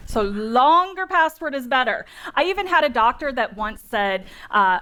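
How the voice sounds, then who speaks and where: In a high, sing-song voice that's fairly bright and a little slow, a woman in her thirties addresses a meeting-room audience. She's a Northern California keynote speaker on dental data security, and her style is humorous, self-deprecating and direct.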